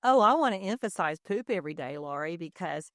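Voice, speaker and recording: Lower-voiced woman hosting a podcast. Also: animated, brisk, fairly bright tone, no room sound, studio quality. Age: middle-aged. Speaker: podcast host, dentist. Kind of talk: podcast interview.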